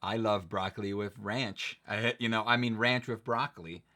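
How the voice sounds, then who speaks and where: Male host, slightly low voice, relaxed and jokey, casual stream banter. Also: normal speed, rough recording. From Connecticut. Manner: laid-back, joking. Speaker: livestream host and wand artist. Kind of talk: casual livestream chat.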